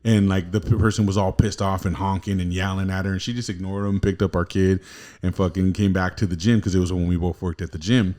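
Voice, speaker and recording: A man's voice: sits low, flat delivery, quick pace, dark tone. A man, hosting a loose, casual podcast. He swears freely and rambles through long stories in an easy, talkative way. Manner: profane, rambling storyteller. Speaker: podcast host. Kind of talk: casual chat.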